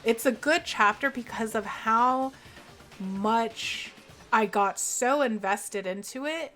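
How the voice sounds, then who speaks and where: A woman's voice: on the high side, pushed and bright. A young woman streamer chatting casually while playing, venting in emphatic, expletive-heavy bursts. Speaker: game streamer. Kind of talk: casual live-stream chat. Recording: stream with faint background music.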